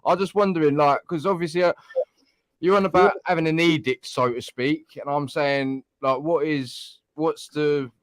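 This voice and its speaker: A man's voice: on the high side, fairly even intonation, normal speed, dry recording. A man hosting a live online talk show, speaking in an easygoing, matey, slangy way. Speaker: show host. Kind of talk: casual chat.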